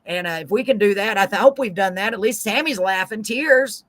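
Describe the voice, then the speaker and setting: A woman's voice: medium pitch, lively intonation, a little fast. A middle-aged woman, hosting a casual chat show, talking freely and laughing often. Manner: chatty, laughs often, Southern slang. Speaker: talk show host.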